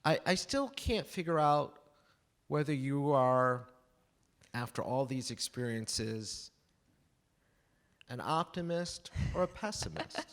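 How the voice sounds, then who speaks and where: Guy moderating a live author talk, slow and gentle with his questions. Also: medium pitch, animated. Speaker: interviewer and moderator. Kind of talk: onstage interview.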